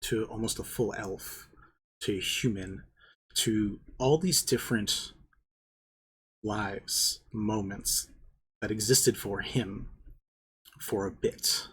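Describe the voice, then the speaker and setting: Slow-narrating game master with husky voice. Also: mid-range voice, fairly even intonation.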